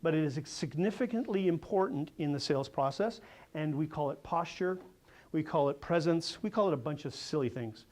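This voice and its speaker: High-voiced, energetic male sales coach. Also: normal speed. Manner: energetic, animated storyteller who quizzes the audience. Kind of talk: seminar talk to a live audience.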